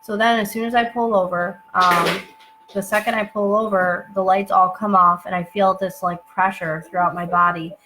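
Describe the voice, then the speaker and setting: A young woman telling a personal story at home, halting, with many fillers and asides. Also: medium pitch, steady tone, sharp tone, a little hiss or hum, poor audio. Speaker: channel host telling her story.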